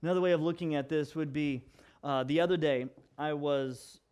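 A young adult man, a pastor, telling stories in an animated sermon that moves from hushed to loud. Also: on the high side, moderate pace, smooth. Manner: animated storyteller, swings from hushed to loud and laughing. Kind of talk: storytelling sermon.

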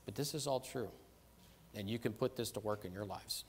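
A man's voice: on the low side, moderate pace, slightly rough. A man preaching a sermon in a conversational way, stressing and repeating key phrases and often checking in with "right?" and "okay?".

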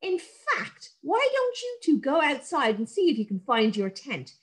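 A woman voicing a brisk, cheerful farm mother in a read-aloud story. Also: high-pitched, wildly swooping pitch, voice pushed up, exaggerated voice.

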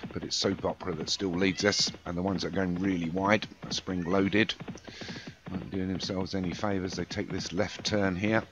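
A man giving chatty amateur race commentary on a video game race, with self-deprecating asides between the calls. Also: deep voice. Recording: dull lo-fi with clear background noise.

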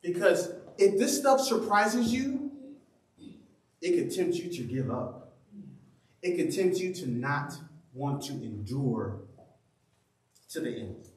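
A man preaching in a church, his voice high and swinging between quiet asides and loud outbursts as he acts out his own story. He laughs often as he talks. The sound is roomy and echoing, picked up from some distance. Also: takes it slowly, long pauses. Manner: animated, laughing storyteller who acts out quotes. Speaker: pastor. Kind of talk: sermon with personal storytelling. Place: church sanctuary. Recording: roomy echo from a distant mic.

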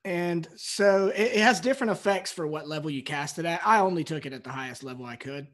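A man's voice: on the high side, brisk, a bit bright. A man playing a tabletop game, eagerly reading his spell rules aloud. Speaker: player.

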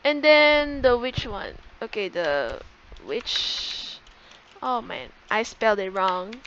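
A young woman chatting casually through a game walkthrough, excitable, gasping and correcting herself as she goes. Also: on the high side, takes it slowly, clear, resonant tone, muffled recording. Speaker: gaming YouTuber.

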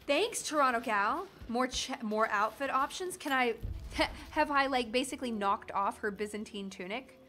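A woman from the southern United States, a gaming streamer, offers chatty, jokey commentary while she plays a video game. Her voice sits high and sounds pushed and bright, expressive but unhurried. There's slight background noise.

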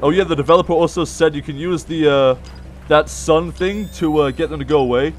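A man with a notably high voice commentates as he plays a video game. He is jumpy and easily startled, and he giggles at his own nerves between the frightened yelps. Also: fairly quick, slight background noise. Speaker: let's play host. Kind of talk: gameplay commentary.

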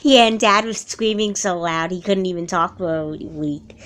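A glum, withdrawn young girl in a home-made doll film, as a woman puts her on, mourning her father. She mumbles short, flat answers in a higher, girlish voice, then bursts out with hope. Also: moderate pace, close to an everyday voice. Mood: animated. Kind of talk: amateur doll film voice acting.

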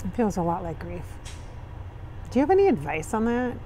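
A woman's voice: medium pitch, big pitch swings, fairly quick, warm tone, slight background noise. A woman from Minnesota, channeling in a chatty way with dry sarcastic humor, recorded outdoors at sunrise. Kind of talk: casual spiritual channeling talk.

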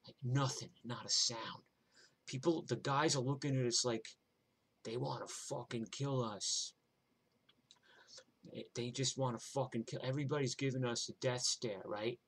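A man's voice: mid-range voice, steady tone, moderate pace, gravelly, fairly bright tone. An older man with a New York accent telling a rambling, profane story from his own life in a streetwise way. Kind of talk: live personal storytelling.

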